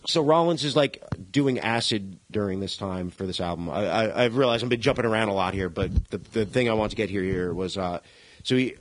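A podcast co-host with a lowish voice chats casually about music, rambling, laughing often and swearing freely. The recording quality is low.

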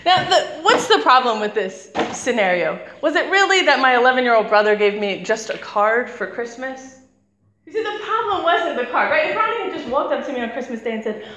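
Woman preacher, thirties, higher voice, friendly storytelling sermon, echoey church hall, light background noise. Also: very animated, brisk, fairly bright tone. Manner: chatty, laughs while telling stories.

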